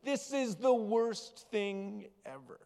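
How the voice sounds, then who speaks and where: A man voicing a tiny frozen songbird, melodramatic, with a high chirpy squeak, in a sermon. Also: slow, vocal fry, dark tone, long reverb tail, full character voice. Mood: despairing.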